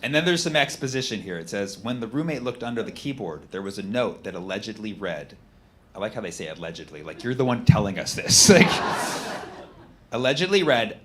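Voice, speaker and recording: A man doing a stand-up comedy routine, mocking text messages, switching between a flat deadpan read and loud, excited punchlines. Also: on the low side, fairly quick. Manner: animated, mocking, reads texts aloud in flat deadpan, shouts punchlines.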